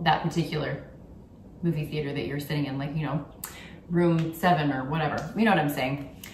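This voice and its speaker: In her gift-guide vlog, a young YouTuber speaks chattily and candidly with many ums, her deep voice having a darkish tone. The mic is some distance away, capturing roomy echo, faint ambience and slight background noise.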